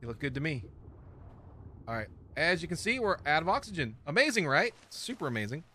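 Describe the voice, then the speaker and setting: A man's voice: a little high, big pitch swings, a little fast, bright, forceful tone. A man giving casual let's-play commentary, chatty and self-mocking, talking to the pieces he builds. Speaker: gaming streamer.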